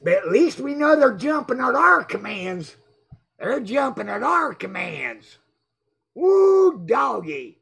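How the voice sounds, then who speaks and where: A man hosting a livestream, reading the chat aloud and mocking his critics in a loud, excitable voice that often breaks into shouts. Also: high-pitched, a little slow, vocal fry, husky. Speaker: livestream host.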